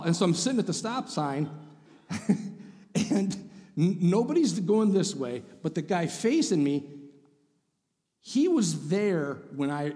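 A man telling a funny story as a guest speaker in a church sermon, animated and sarcastic. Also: on the high side. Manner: animated, sarcastic, acts out voices. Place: church sanctuary. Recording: reverberant church hall.

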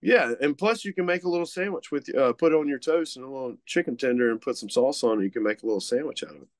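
A man's voice: mid-range voice, fast, no room sound. Rambling man, dry close sound. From Mississippi. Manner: rambling, filler-heavy, easygoing. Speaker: guest co-host, butcher shop representative. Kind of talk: casual podcast chat.

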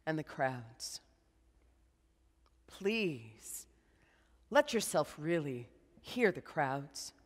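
A woman preaching a sermon as a slow, dramatic guided meditation, dropping to a hush at times. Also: on the low side, big pitch swings, long reverb tail. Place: church.

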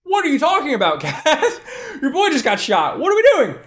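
A frantic young gang member, voice jumped far up into a shrill, panicky register, loud and rushed, as a man puts him on. He sounds close to losing it. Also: huge pitch swings, heavily acted. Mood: panicked.

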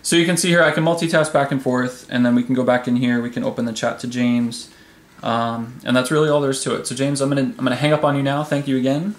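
A man hosting a casual tech video, demonstrating a phone app in a relaxed, chatty way with frequent ums. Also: medium pitch, fast. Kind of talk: casual product demo. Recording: echoey room.

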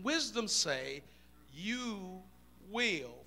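A male pastor preaching a sermon in a church, repeating phrases in a chanting rhythm and rising from quiet murmurs to shouts. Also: on the high side, slow, pauses often. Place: church room.

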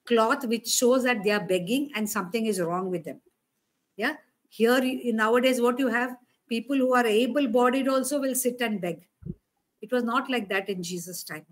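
A woman preacher giving a conversational sermon, often asking her listeners questions. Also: a little high.

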